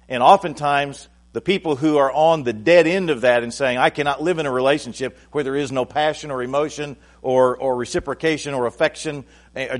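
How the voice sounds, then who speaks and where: Preaching man, conversational then rising. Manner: conversational preaching that builds to loud, high-pitched emphasis; addresses the congregation directly, restarts phrases. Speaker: pastor. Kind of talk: sermon.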